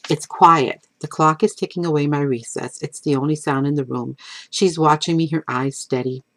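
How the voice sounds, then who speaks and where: A woman's voice: sits low, steady tone, moderate pace, a bit bright. A woman author reading her own novel aloud to students, telling it expressively in the first person.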